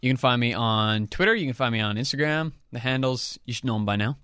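A man co-hosting a casual podcast, joking around in quick banter. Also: mid-range voice, animated, fairly bright tone, clear, resonant tone, dry recording, clean studio sound. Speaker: podcast co-host. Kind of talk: casual chat.

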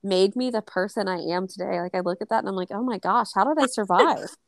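A woman co-hosting a casual podcast, telling a story with lively acted-out quotes and plenty of swearing. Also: mid-range voice, fast talker, gravelly, no echo. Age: adult. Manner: animated, acts out quoted dialogue, swears freely. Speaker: podcast co-host.

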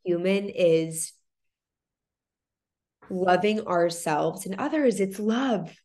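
A woman's voice: fairly low pitch, animated, slow, dark tone. Effusive young woman host. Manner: effusive, emotional, gushing reactions. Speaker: podcast host. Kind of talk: warm emotional interview.

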